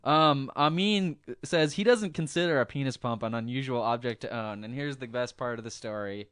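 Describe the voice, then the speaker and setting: A man's voice: medium pitch, normal speed, fairly bright tone, smooth, no room sound. A man hosting a podcast, reading news stories offhandedly with lots of uh's and chuckles into a close mic. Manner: reads news offhandedly with many ums and chuckles. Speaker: podcast host.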